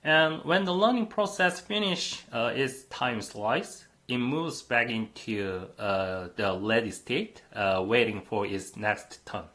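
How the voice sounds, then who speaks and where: A man's voice: medium pitch, slow pace, few pauses, a bit bright. A man lecturing a university class on computing, explaining step by step with frequent "uh" fillers.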